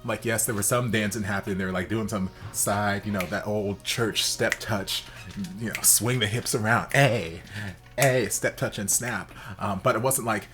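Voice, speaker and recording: A man hosting a reaction video in casual, campy commentary, leaping into high exaggerated exclamations. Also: steady tone, moderate pace, over music.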